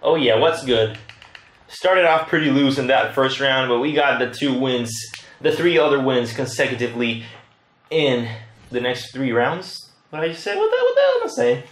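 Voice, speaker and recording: A man casually commentating his own gameplay, excitable and rambling, trash-talking his opponents. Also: medium pitch, normal speed, echoey room. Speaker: gaming channel host.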